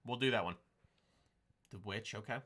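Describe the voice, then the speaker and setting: A man's voice: fairly low pitch, moderate pace, bright, forceful tone. A man co-hosting a casual film podcast, joking in crude banter and laughing often. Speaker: podcast co-host.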